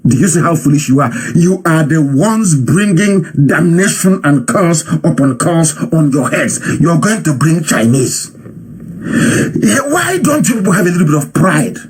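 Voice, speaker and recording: A man's voice: a little high, big pitch swings, unhurried, husky. A man giving impassioned live commentary, scolding his listeners with fiery rhetorical questions.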